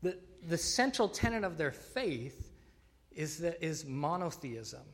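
A man's voice: fairly high pitch, very animated, slow. A man preaching a sermon, earnest and emphatic, often restarting phrases with fillers. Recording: long hall reverb.

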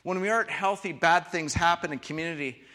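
A man preaching a sermon, switching between quiet reflective lines and loud, emphatic ones. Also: a little high, brisk. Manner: expressive, shifts from soft to loud emphasis. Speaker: pastor. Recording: long hall reverb.

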